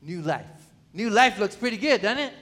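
Pastor guy preaching in church, high and bright, pleads loud then goes quiet, keeps asking the crowd stuff. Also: expressive, moderate pace. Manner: pleading, rising to near-shouts, then dropping low; calls out questions to the congregation. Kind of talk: sermon.

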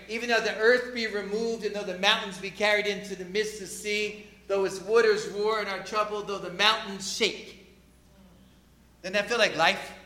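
A man preaching a sermon, emphatic, swinging from loud peaks down to quiet asides. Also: reverberant. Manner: emphatic, rising to loud peaks then dropping low.

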